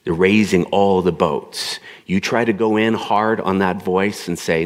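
A man giving a calm, coaching spiritual talk to a gathering, acting out little inner dialogues as he goes. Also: sits low, moderate pace, few pauses. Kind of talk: spoken talk to a gathered audience. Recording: long reverb of a hall.

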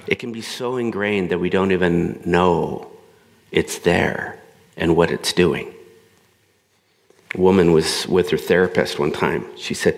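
A man's voice: sits low, a little slow, vocal fry, in a large hall. A man preaching a sermon in a conversational way, acting out the voices he quotes. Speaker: pastor.

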